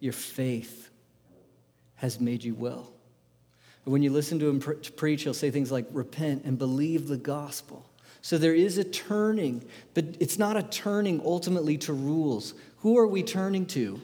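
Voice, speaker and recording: A man preaching a sermon, firing rhetorical questions at the congregation in an animated, emphatic way. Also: a little high, normal speed, big-room sound. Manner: asks the audience many questions, animated and emphatic. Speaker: pastor.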